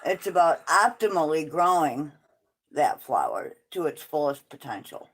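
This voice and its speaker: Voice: mid-range voice, sing-song, unhurried, a bit bright, husky, low-quality recording. A livestream host in casual chat at home, blunt and opinionated, swearing freely.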